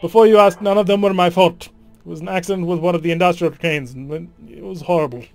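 A man's voice: sits high, steady tone, quick pace, faint music behind. A man doing a chatty woman engineer with a shaky accent. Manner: attempted accent, awkward. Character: proud, chatty female ship engineer.

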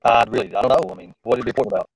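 Rapid-fire and husky, this medium-pitched livestream host chats in an informal, slangy, rambling style, often addressing himself as he operates the stream. The low-quality recording has no echo.

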